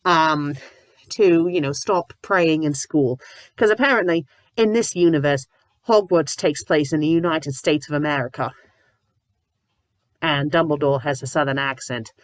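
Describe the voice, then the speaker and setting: A woman with covid reviewing fanfiction in a comedic, exasperated rant, sometimes breaking into shouts. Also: deep voice, a little slow, no room sound. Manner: exasperated, ranting, bursts into shouting; says "bloody" often. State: sick with covid, a little loopy.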